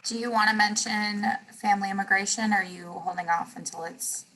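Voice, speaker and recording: Brief: easygoing host, woman, bright and a bit husky. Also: medium pitch, fairly even intonation, a little fast, rough recording. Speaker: meeting host. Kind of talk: hosting a group video call.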